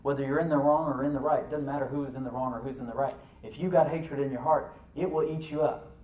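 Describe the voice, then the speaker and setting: A pastor preaching in a roomy, echoing church, picked up from some distance off the mic. He is animated, firing rhetorical questions at the congregation and dropping into soft asides. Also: mid-range voice, quick pace. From United States. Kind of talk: sermon.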